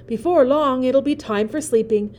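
Woman voicing lazy croaking frog, storybook, folksy, drawling. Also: high-pitched, moderate pace, darkish tone, lightly acted. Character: two lazy croaking frogs.

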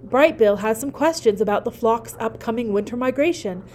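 A woman's voice: on the high side, expressive, moderate pace, darkish tone, a little hiss or hum, lightly acted. A woman voicing a kindly female goose who leads the flock in a storybook reading.

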